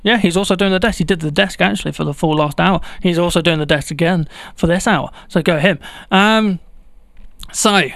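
A man's voice: fairly high pitch, dry recording. A man presenting a local radio show in chatty, playful links from a small studio. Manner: breezy, playful slang. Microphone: studio microphone.

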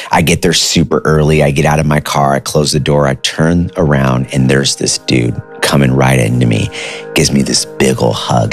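Low-voiced man telling a personal story. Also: no echo. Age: 30s. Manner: casual, animated, acts out quoted voices.

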